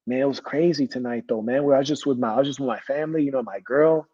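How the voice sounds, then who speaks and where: A man's voice: mid-range voice, quick pace, dark tone, muffled recording. A man telling a story in casual, slangy talk, dropping "fool" and "you know" often.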